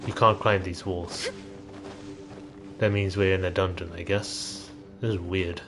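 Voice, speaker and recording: Deep-ish sarcastic guy streaming a game, dry jokes. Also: fairly even intonation, unhurried, over music. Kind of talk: casual gameplay commentary.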